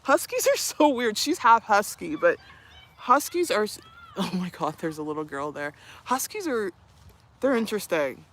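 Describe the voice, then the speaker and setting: A woman's voice: fairly low pitch, big pitch swings, moderate pace, fairly bright tone, slight background noise. A young woman streaming live, chatting casually, reading viewer comments, laughing often and cooing to her dog. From Canada.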